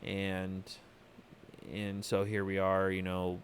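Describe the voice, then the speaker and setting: A man hosting a podcast from California, giving opinionated solo commentary in a halting way, full of fillers and restarts. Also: low-pitched, monotone, slight background noise. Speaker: podcast host.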